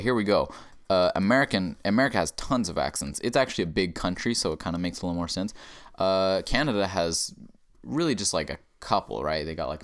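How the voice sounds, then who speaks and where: A young man from Texas, hosting a comedic podcast, ranting in a profane, animated way with sudden jumps in pitch. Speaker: podcast host. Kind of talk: comedic rant.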